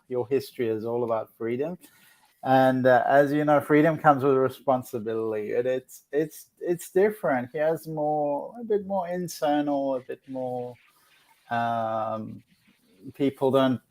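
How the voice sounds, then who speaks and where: A man living in Australia, hosting a relaxed chat as a psychic, earnest and often restarting his phrases. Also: mid-range voice. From born outside Australia. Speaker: psychic host. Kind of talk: casual chat.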